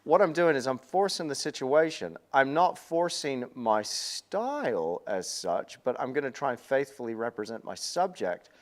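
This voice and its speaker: Kiwi guy chatting through a painting livestream, upbeat, repeats himself, pokes fun at himself. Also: mid-range voice. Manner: chatty, upbeat, repeats words, self-deprecating. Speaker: painting instructor hosting a livestream. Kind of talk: casual livestream teaching.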